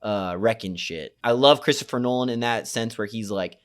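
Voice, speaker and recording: A man's voice: on the low side, moderate pace, clean tone. A young man giving a casual, slang-heavy and profane movie recap, rambling with lots of fillers. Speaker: movie reviewer.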